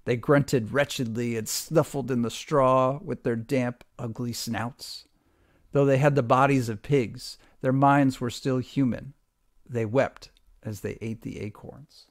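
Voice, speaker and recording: A man, a teacher, reading a retold myth aloud to a class in an expressive, steady storytelling voice. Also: medium pitch, unhurried, no echo, studio quality.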